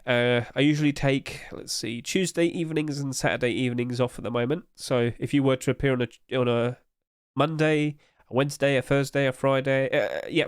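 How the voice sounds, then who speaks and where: A young man, streaming and chatting casually and rambling with animated energy. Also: medium pitch, clear, resonant tone, no echo, clean studio sound. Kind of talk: casual live-stream chat.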